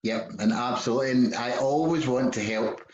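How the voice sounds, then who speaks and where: A man speaking as a guest in a casual conversation, explaining things in a thoughtful, measured way. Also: mid-range voice. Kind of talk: casual chat. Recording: echoey, dull remote audio.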